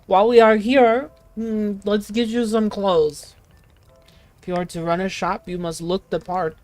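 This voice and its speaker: A woman voicing a big, gentle male tea shop keeper in a game, using a put-on foreign accent and formal, broken phrasing. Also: medium pitch, fairly even intonation, a little slow, close to an everyday voice. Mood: instructive.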